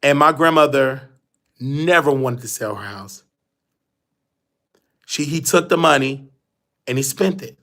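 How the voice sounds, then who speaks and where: Man, show host, casual monologue, rambling and repetitive, bright tense tone. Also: medium pitch, unhurried, pauses often.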